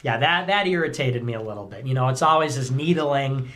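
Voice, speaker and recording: A man's voice: fairly high pitch, lively intonation, moderate pace, a bit bright. A man answering in a podcast interview, aggrieved and self-assured as he defends himself. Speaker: podcast guest.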